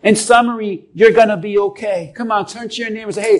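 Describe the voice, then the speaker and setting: A man's voice: high-pitched, fairly even intonation, a little fast, poor audio. A man preaching a sermon as a pastor, emphatic and calling on the congregation to respond.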